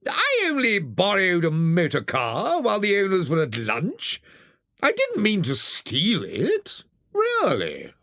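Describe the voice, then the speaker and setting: A narrator voicing a boastful, self-pitying male toad disguised as a washerwoman, pleading in a high wailing falsetto. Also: wildly swooping pitch, measured pace, few pauses, sharp tone, dry recording, studio quality, heavily acted. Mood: sheepish. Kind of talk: audiobook character voice.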